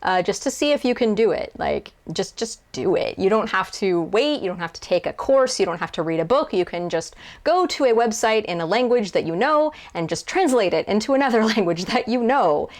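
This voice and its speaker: A young woman talks straight to her viewers in a relaxed question-and-answer video. She rambles a little, restarts her sentences and pokes fun at herself. Her voice sits at an ordinary middle pitch for a woman. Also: fairly quick, few pauses. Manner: chatty, self-deprecating, many fillers and restarts. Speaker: YouTuber and translator. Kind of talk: casual Q&A to camera.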